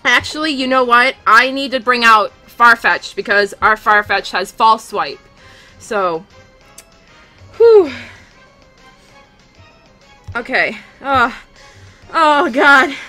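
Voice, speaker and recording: A young woman live-streaming a game, rapidly thanking viewers and shaking with excitement. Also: fairly high pitch, faint music behind.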